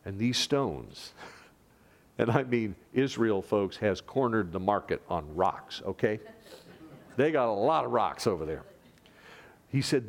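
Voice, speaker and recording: Speaking slowly and pausing often, a low-voiced man preaches with energy, getting loud when he quotes and quiet in softer moments.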